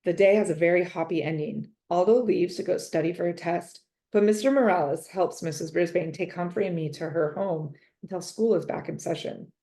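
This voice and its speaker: A woman reading a children's chapter book aloud, gentle and expressive, in first person. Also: fairly low pitch, brisk, hardly any pauses. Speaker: reader. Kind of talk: storybook read-aloud.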